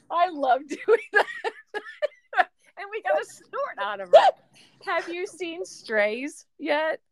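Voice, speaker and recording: A woman's voice: extremely high pitch, big pitch swings, very slow, pauses often, dry recording. A woman hosting a podcast, chatting casually, asking her guest questions and laughing often. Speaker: podcast host. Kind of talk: casual interview chat.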